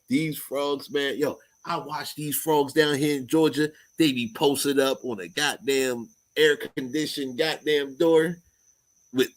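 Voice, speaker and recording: A man's voice: medium pitch, low-quality recording. A man in his forties with a New York accent, talking in a loose, profane casual chat full of street slang.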